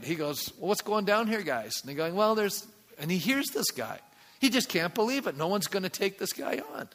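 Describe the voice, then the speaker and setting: A male pastor preaches in a high, bright voice, telling a story and acting out its characters. He builds to loud, emphatic peaks. The sound carries a long reverb, as in a church hall. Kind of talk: sermon.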